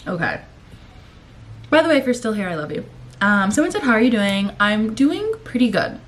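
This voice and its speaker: A woman's voice: medium pitch, sing-song, moderate pace, pauses often, fairly bright tone. A young woman vlogger talking casually to camera, out of breath and sore-throated, rambling, swearing and getting worked up. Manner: rambling, profane, emotional.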